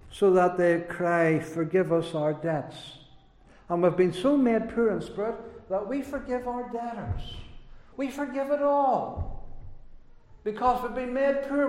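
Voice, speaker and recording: A man's voice: high-pitched, darkish tone. A man preaching a sermon in an earnest, repetitive cadence. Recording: echoey hall with long reverb.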